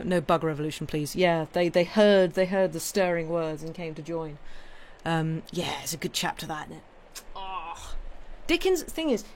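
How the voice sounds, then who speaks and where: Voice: mid-range voice, slight background noise. A British streamer in casual live chat, rambling between thoughts. The talk is loose and friendly, full of ums and restarts. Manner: chatty, rambling, with frequent fillers and restarts.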